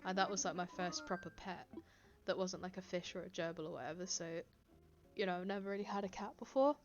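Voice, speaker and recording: Chatty woman streamer at her desk mic, giggly and relaxed, audio slightly muffled. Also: fairly low pitch, fast. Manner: chatty, giggly, reads chat aloud. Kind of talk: casual live-stream chat. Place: home, indoors. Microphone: desk microphone.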